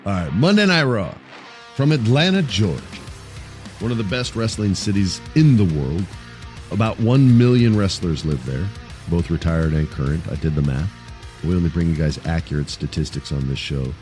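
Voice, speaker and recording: A man hosting a wrestling podcast, recapping shows in casual, profane, animated talk. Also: low voice, moderate pace, faint music behind.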